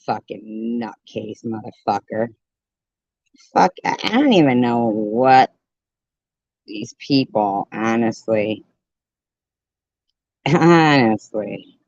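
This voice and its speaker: A woman delivers angry commentary on recorded clips, her talk unhurried and full of scorn and sarcasm. The recording is dull and lo-fi, with a dry, close sound. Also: a bass voice, dark tone, dry recording. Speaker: commentary channel host.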